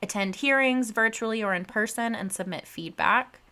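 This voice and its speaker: A woman's voice: a little high, normal speed, pushed and bright. Opinionated woman hosting a politics show. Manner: opinionated, direct asides to listeners. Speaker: podcast host. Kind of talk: political commentary.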